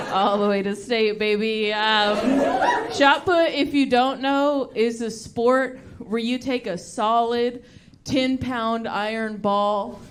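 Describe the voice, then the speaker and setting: A woman from Texas doing a stand-up comedy set on a club stage into a handheld mic, deadpan and laughing between jokes. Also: a little high, heavy background noise. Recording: live club with loud crowd laughter.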